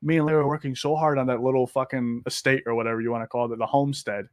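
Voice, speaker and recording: A man's voice: medium pitch, very fast, no room sound, studio quality. A young man, a podcast guest, telling stories in casual chat, swearing often and laughing as he talks. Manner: profane, laughing, animated storyteller.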